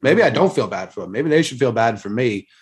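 A man's voice: medium pitch, animated, fairly quick, breathy edge. A man on a podcast panel, chatting casually with a wry, joking manner. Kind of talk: casual chat.

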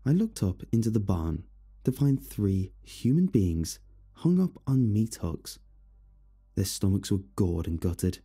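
Man, horror story narrator, deep voice, very dark and husky tone, steady and somber. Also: unhurried, faint music behind.

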